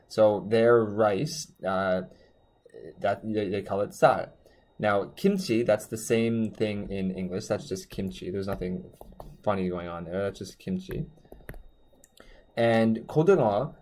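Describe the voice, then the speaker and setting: A man teaching a language lesson in a chatty, loose way, correcting himself and slowing down on words while he writes. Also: lowish voice, darkish tone. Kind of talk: casual explainer lesson. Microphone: desk mic while drawing on a tablet.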